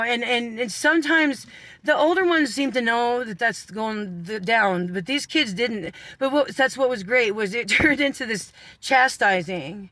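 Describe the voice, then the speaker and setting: This vlogger's voice is extremely high, bright, and forceful, with no echo. He laughs through a rambling story, swears all the time, and keeps breaking off into sarcasm.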